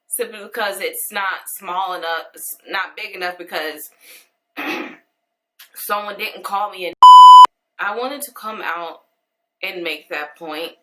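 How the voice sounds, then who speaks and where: A young woman in a personal video monologue, tearful and earnest, pausing and restarting her sentences. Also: mid-range voice, sharp tone, low-quality recording. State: crying, tearful. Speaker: vlogger.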